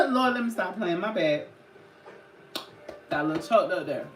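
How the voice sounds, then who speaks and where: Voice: medium pitch, moderate pace. A live-stream host giving a casual spiritual card reading, chatty and loose, talking to viewers in the chat. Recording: roomy echo with clear background music. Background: clear background music.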